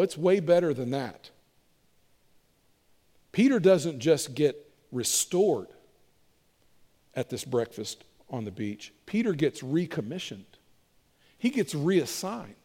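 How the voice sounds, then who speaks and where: A man preaching a sermon as pastor, moving between emphatic delivery and hushed, intimate appeals to the congregation. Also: on the high side. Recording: long hall reverb.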